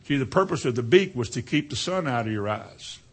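A man's voice: medium pitch, animated, a little fast, husky. A man preaching a sermon in a folksy way, now and then mimicking slang with a laugh.

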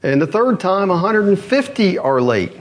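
Husky male pastor, church sermon, animated storyteller with big swings in pitch. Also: moderate pace. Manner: rising and dropping pitch, animated storytelling with quoted voices.

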